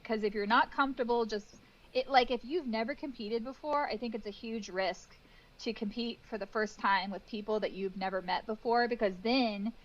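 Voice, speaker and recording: A woman in her thirties, a guest cake decorator in a casual interview, telling lively stories and acting out what people said. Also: a little high, normal speed, highs cut off. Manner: animated storytelling with acted-out quotes and laughs.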